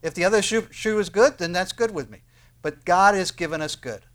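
A male pastor preaching a sermon in an animated way, asking rhetorical questions and raising his voice for emphasis. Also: high-pitched, brisk.

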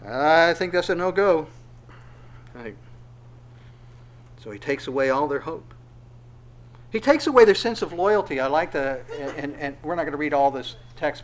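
Male preacher, slightly high voice, conversational and animated, repeats words as he goes. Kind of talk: conversational sermon.

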